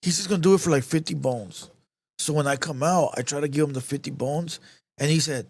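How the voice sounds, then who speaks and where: A man's voice: on the high side, fairly quick, breathy edge, no room sound. Profane slangy man telling a heated story. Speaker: show host telling a story to chat. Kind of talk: casual storytelling rant.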